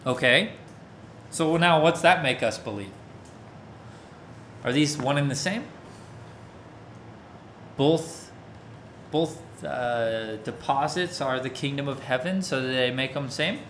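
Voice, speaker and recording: A man's voice: mid-range voice, slow, pauses often, a bit bright, a little hiss or hum. A man preaching a sermon in a casual, conversational way, often checking that his listeners follow along. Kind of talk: interactive sermon.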